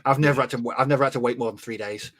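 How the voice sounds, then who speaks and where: A man from Britain hosting a relaxed podcast conversation. He talks in a chatty, halting way, with plenty of fillers and restarts, at a middling pitch. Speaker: podcast host. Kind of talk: casual podcast chat.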